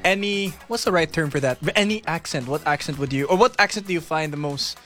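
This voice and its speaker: A man's voice: a little high, brisk, fairly bright tone, faint music behind. A young man co-hosting a radio show, playful and full of casual affirmations. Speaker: radio host.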